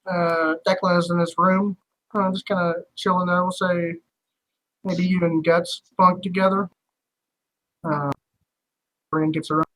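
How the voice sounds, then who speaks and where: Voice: medium pitch, level tone, a little slow, long pauses, a bit bright, poor audio. Casual game master, loose and chatty, laughs easily, filler-heavy. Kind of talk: running a tabletop game, casual.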